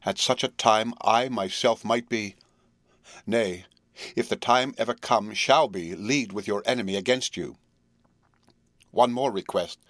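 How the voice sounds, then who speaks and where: A man's voice: lowish voice, measured pace, pauses often, fairly bright tone, no room sound. A man reading a solemn, devoted young wife. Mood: solemn, pleading. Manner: earnest, pleading and tender.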